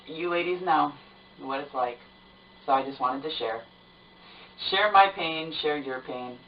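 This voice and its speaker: Woman vlogger, casual chatty storyteller; distant roomy recording. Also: sits low. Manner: chatty, animated retelling with lots of fillers. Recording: roomy, distant, dull sound.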